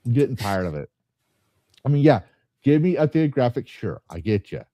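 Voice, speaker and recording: A podcast host, a man in loose casual chat, wanders off topic and breaks up his sentences as he jokes along. His voice sits at a middle pitch. The recording is a bit dull and lo-fi, with a dry sound and no room echo. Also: very animated, normal speed. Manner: rambling, jokey, stops and restarts often.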